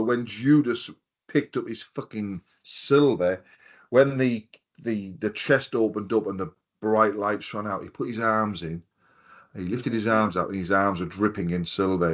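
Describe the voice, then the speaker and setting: A man in his fifties co-hosts a podcast, his voice on the low side and his pace measured. He chats casually, spinning rambling anecdotes packed with swearing and quoted voices.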